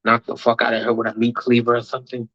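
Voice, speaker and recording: A husky-voiced man trades jokes and teasing remarks in loose podcast chat. The sound is dull and lo-fi. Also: medium pitch, monotone, quick pace, fairly bright tone, no echo. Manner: joking, laughs along, teasing asides. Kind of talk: casual chat.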